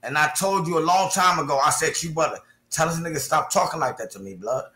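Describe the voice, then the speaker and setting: Over a call mic on a heated online panel, a man argues in a fairly high voice, talking fast. He's confrontational, using profane street slang, and the audio is reverberant with crowd noise.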